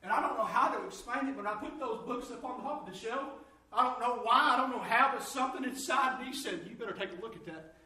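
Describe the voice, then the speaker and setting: Animated preacher man in echoey church. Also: fast talker, far from the mic. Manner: animated storytelling, rising loud and high when excited. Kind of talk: sermon. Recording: echoey room, from off mic.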